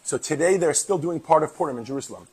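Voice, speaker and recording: New york guy teaching a class, husky voice, chatty and jokey. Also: a little high, animated, quick pace, darkish tone, low-quality recording. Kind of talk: classroom lesson.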